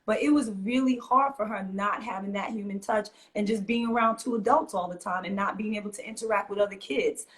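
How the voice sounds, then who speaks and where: A woman's voice: mid-range voice, a little fast, hardly any pauses. A middle-aged woman, a mother and teacher, talking earnestly in an interview and acting out what she says to kids. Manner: earnest, animated storytelling, acts out quotes. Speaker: guest, fitness teacher and mother. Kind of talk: conversational interview.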